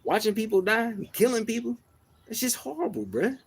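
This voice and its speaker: This livestream host from Detroit talks at normal speed in a high-pitched voice that's soft and even-toned but slightly rough. He gives a casual, reflective monologue, heavy on slang and filler phrases.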